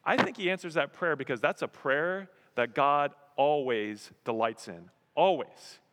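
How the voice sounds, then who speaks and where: A man preaching a sermon as pastor, animated, acting out voices and exclamations. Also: on the high side, unhurried. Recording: long hall reverb.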